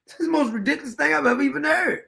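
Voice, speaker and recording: Blunt, gravelly high-voiced male commentator. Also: pushed and bright. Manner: blunt, combative, rhetorical questions; dry chuckles between points. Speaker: show host. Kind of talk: opinion commentary monologue.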